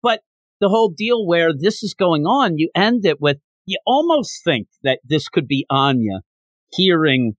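A man with a fairly high voice that swings widely in pitch, retelling a comic chapter in casual podcast chat. He drops in and out of quoted lines. The sound is dry and close, with no room around it. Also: unhurried, no room sound. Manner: animated retelling, jumps into character quotes. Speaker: podcast host. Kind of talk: casual manga recap chat.

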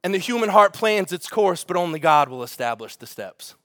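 Guy preaching, high voice, chatty and animated, lots of questions to the crowd. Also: a little fast, no echo, studio quality. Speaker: pastor. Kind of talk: sermon.

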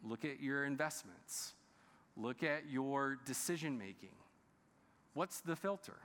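A man's voice: medium pitch, lively intonation, slow pace, a bit bright. A man preaching a sermon as pastor. He speaks emphatically and often asks the congregation rhetorical questions. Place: large church sanctuary. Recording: long reverb of a large church hall.

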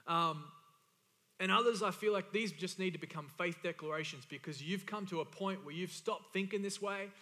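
Male pastor, high ringing voice, emphatic, repetitive sermon delivery, reverberant church hall. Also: normal speed, sharp tone. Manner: emphatic, repeats key phrases for stress.

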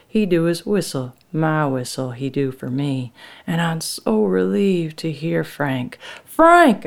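A woman telling a dramatic first-person story in an earnest rural dialect. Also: low-pitched.

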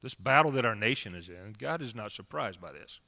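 A male pastor delivers a sermon in a relaxed, conversational way, mixing scripture with casual asides. His voice is bright and forward. The sound carries a long reverb, as if in a large church sanctuary. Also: lowish voice, fairly quick, creaky. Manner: conversational, animated preaching with asides.

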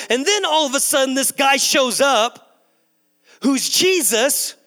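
A man's voice: extremely high pitch, animated, takes it slowly, sharp tone. A man preaching a sermon in a large church hall, emphatic and repetitive, calling the crowd "guys". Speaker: pastor. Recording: long echo of a large hall.

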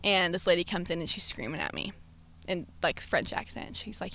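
Animated young woman telling a story. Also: fairly low pitch, fairly quick, vocal fry. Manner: animated storytelling, laughs often, slangy. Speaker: podcast guest. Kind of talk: casual chat.

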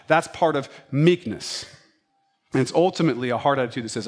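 A man preaching a sermon as a pastor, telling stories and acting out his pets' thoughts in an animated way. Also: mid-range voice, fast.

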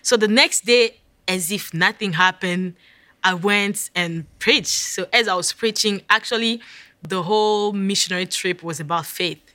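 Bright-voiced African woman telling a story. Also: medium pitch, a little slow, no room sound. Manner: vivid, dramatic retelling with hushed whispered asides. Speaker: guest. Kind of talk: storytelling in a conversation.

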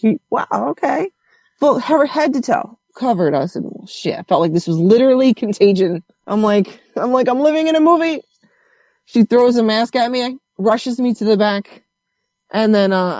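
A woman telling a story in casual conversation, animated and swearing as she acts out what others said. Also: lowish voice, no room sound, lo-fi sound.

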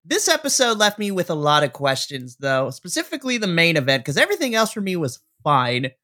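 Bright-voiced easygoing podcast man. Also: fairly high pitch, huge pitch swings. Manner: easygoing, laughs often, measured. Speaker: podcast co-host. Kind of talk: casual chat.

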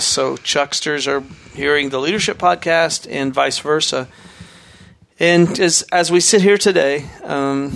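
A middle-aged man hosting a faith-based podcast alongside his son, talking in a relaxed, conversational way with occasional fillers. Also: medium pitch, creaky. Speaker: podcast host, church leader. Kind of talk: casual podcast chat.

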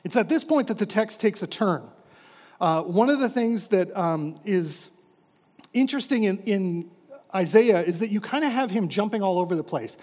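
High-voiced man preaching in an echoing hall. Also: expressive, moderate pace, darkish tone. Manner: earnest preaching, voices God with dramatic drops in pitch and volume. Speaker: pastor. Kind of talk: sermon. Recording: reverberant hall.

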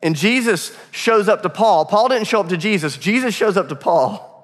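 Male pastor, forties, casual storyteller from the pulpit, slightly high voice, echo of a large hall. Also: moderate pace. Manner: storytelling, conversational and animated. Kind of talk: sermon. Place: church auditorium. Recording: long hall reverb.

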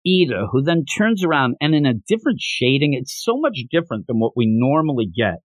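A man hosting a podcast, recapping a manga chapter in an animated, enthusiastic way. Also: mid-range voice, a little fast, no room sound. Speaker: podcast host.

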